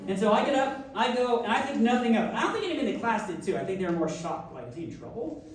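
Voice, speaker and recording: A young adult man, a pastor, giving a sermon through an animated, self-deprecating personal story. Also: high voice, racing. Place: church sanctuary. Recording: echoey church hall from far off.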